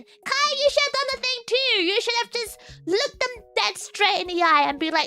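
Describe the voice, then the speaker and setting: A woman's voice: very high voice, moderate pace, bright, forceful tone, faint music behind. A young woman streamer chatting casually, giggling often and repeating her words as she talks. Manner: giggly, laughs often between phrases. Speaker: virtual streamer. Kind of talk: casual chat.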